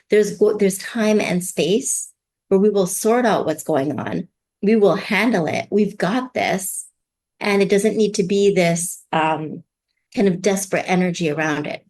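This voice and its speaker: Woman coach talking parenting, animated, jumps into little voices of parents and kids. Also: medium pitch, normal speed. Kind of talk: explaining parenting advice in conversation.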